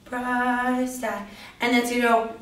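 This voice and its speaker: A woman's voice: on the high side, level tone, a little slow. A young woman teaching a line dance, talking casually through each move. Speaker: dance instructor. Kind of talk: instructional dance walkthrough. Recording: echoey hall, voice from far off.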